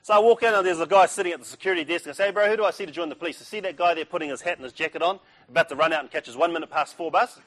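A middle-aged man preaches at a Christian breakfast, sharing his own story. His voice sits a little high for a man, and he keeps the telling lively and humorous, acting out each person he quotes. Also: very fast, few pauses. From New Zealand. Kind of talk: testimony sermon with storytelling.

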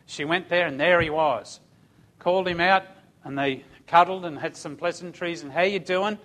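An older man recounts his own story as a religious testimony. He speaks earnestly and conversationally, in a voice a touch higher than most men's. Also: moderate pace, sharp tone.

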